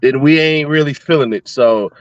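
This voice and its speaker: A man's voice: fairly high pitch, normal speed. A man hosting a casual chat in a laid-back, rambling way, often restarting his sentences. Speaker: host. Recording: dry, dull lo-fi sound.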